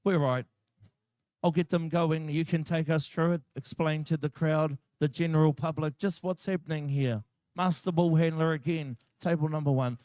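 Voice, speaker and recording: Calling a shearing contest live over the PA, a New Zealand man jokes around and chats with the audience. His pitch is fairly high, his intonation fairly even, and his tone darkish at a normal speed, in clean studio sound with no room sound.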